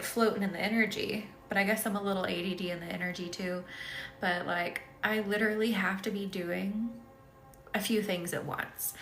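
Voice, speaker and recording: A woman's voice: mid-range voice, fairly bright tone, a little hiss or hum. Sleepy, giggly woman in an echoey room. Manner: giggly, chatty, easily set off laughing. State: sleepy and tired. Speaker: energy healer hosting a live session. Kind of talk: casual live-stream chat reading comments.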